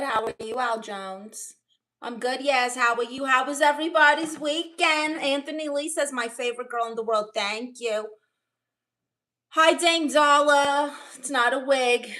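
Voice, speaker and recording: Bright, chatty woman streamer. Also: on the high side. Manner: chatty, jokey and expressive. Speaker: comedian streamer. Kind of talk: casual livestream chat, reading viewer comments.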